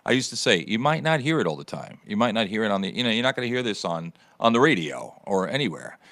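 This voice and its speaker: A man's voice: fairly low pitch, quick pace, dry recording. A man hosting a casual live-streamed chat show, joking and quizzing his panel. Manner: joking, lively, asks the panel questions. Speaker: show host.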